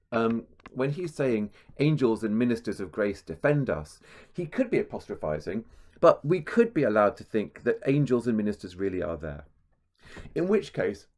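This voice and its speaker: A man with a somewhat low voice explains a text like a teacher, thinking aloud as he goes. He hesitates often with ums and restarts, then reads the quoted verse with heavy stress on the beats. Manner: thoughtful, with frequent ums and restarts. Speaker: literature teacher. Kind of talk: spoken lecture commentary.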